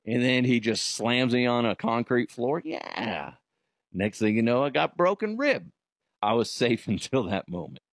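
A man doing a comedic podcast monologue who keeps jumping into loud, exasperated voices. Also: mid-range voice, lively intonation, a little slow, dry recording, studio quality. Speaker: podcast host.

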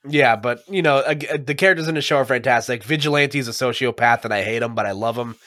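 A man's voice: medium pitch, fast talker, sharp tone, no room sound, studio quality. A man co-hosting a podcast in casual chat, rambling, swearing a lot and laughing often. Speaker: podcast co-host.

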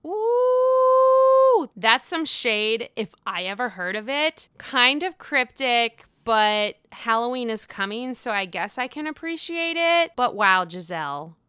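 A young woman dishes on a reality show in a casual, sassy recap, swearing freely and throwing shade. Her voice is bright and crisp. It is recorded dry and close, with no room sound. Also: a little high, animated, no room sound. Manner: sassy, profane, mimics cast members in quick put-on voices.

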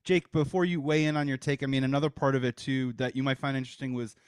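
A man's voice: mid-range voice, fairly even intonation, fast talker, clear, resonant tone, no room sound. Dry-voiced man hosting a podcast. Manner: recaps trivia in a storytelling way, hands off to guests. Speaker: podcast host. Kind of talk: casual chat.

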